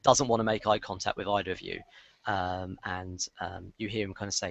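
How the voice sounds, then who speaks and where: A man narrating as game master of a tabletop game, rambling with many pauses and restarts. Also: sits low, steady tone, creaky.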